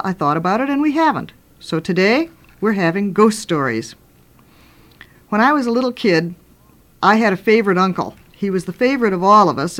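Older woman telling spooky stories. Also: lowish voice. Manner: animated, dramatic storyteller with sudden loud and hushed turns. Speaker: radio host and children's author. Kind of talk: storytelling on radio.

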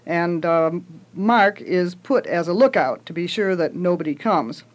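Low-voiced woman retelling a story. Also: unhurried. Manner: relaxed, with fillers. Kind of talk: casual retelling of a children's book.

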